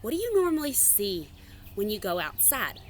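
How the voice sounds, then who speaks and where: A young woman leading young children through an animal-themed movement workout, in a slow, encouraging, sing-song way. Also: medium pitch, huge pitch swings, a little hiss or hum. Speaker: children's activity instructor.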